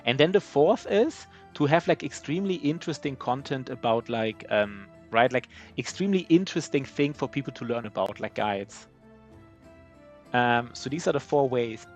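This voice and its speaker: Over soft background music, a German-accented streamer, a native German speaker, narrates his gameplay live. His mid-range voice is animated and a little mellow at normal speed, and his commentary is rambling and self-deprecating, with many restarts.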